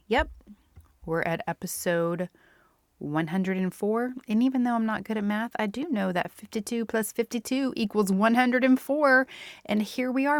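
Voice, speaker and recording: A woman's voice: medium pitch, vocal fry, dry recording. A woman hosting her own podcast, talking casually and directly to the listener as her friend. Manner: chatty, warm-hearted, addresses listener as "my friend". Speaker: podcast host. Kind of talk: casual solo podcast monologue.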